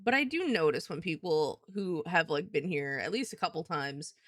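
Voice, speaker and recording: A woman's voice: low-pitched, lively intonation, normal speed, dry recording, clean studio sound. A young woman chatting casually on a livestream, rambling and swearing as she talks with viewers. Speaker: streamer.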